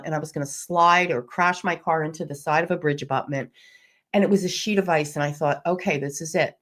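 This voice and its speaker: A woman's voice: on the low side, a bit bright. A middle-aged woman, a guest on a podcast, telling her personal story in an earnest, emphatic way with vivid detail. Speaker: intuitive mentor and podcast guest.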